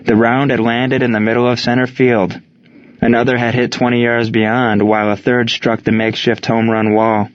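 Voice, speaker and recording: A man narrating an audiobook in a steady, measured reading. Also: medium pitch. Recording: dull lo-fi recording.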